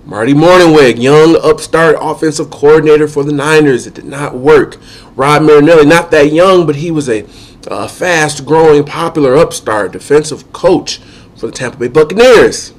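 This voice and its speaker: A man with a cold and a nasal voice, giving methodical opinion commentary on football as an analyst. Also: on the high side. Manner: measured, methodical, lists points one by one.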